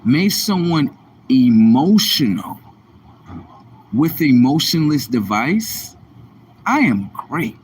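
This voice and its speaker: Man, livestream monologue, rambling, slangy, very lively pitch, faint vehicle noise. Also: takes it slowly, long pauses. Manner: animated, repetitive self-talk with slang. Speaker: livestream host. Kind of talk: rambling live-stream monologue.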